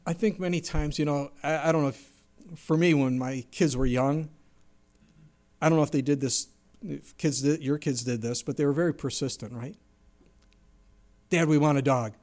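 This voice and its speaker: A middle-aged man preaching a sermon as pastor, animated, acting out quoted voices with sudden jumps in pitch and volume. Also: normal speed.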